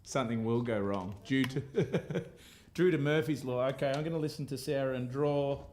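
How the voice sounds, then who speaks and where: A man's voice: medium pitch, normal speed, a little hiss or hum. A man, a musician chatting casually and laughing as he hosts a live stream. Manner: relaxed, chatty, laughs often. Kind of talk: casual chat between songs.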